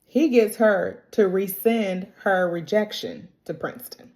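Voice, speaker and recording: A woman doing a casual TV recap for her vlog, talking in loose, slangy chat and acting out bits of dialogue. Her voice is mellow and relaxed, at a middle pitch for a woman. She talks right back to the characters as she goes. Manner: chatty and slangy, quotes characters in quick impressions; laughs often, talks straight to the characters. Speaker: TV recap vlogger.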